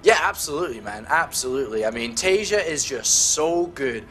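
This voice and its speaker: A man's voice: medium pitch, expressive, normal speed, a bit bright, soft background music. A man casting a video game match, playful and chatty, poking fun at himself. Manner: playful, self-mocking, chatty. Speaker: esports caster. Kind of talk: casual game commentary.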